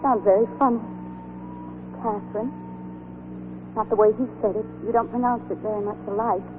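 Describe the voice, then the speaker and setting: Actress as gentle wry young nurse, soft earnest voice, tinny old radio recording. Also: female voice, mid-range voice, steady tone, normal speed, background noise, close to an everyday voice. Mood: tender. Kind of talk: 1940s radio acting.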